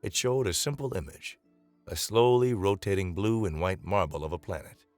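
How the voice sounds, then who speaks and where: A man narrating a dramatic science-fiction story in a measured reading voice. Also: low voice, a little mellow, no room sound, faint music behind.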